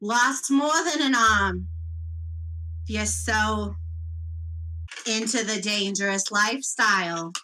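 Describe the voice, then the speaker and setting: Woman playing a burly flirty bruiser, mischievous, bright tone, slow delivery, tabletop game. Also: low-quality recording. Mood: mocking. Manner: teasing, drops low and purring when threatening.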